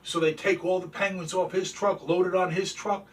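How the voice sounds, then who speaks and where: A male show host tells corny jokes and shows off collectibles in a folksy, chatty manner. His voice sits fairly high for a man, and the recording sounds a little distant from the microphone. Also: fairly even intonation, normal speed. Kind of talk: telling jokes and showing collectibles. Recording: distant from the mic.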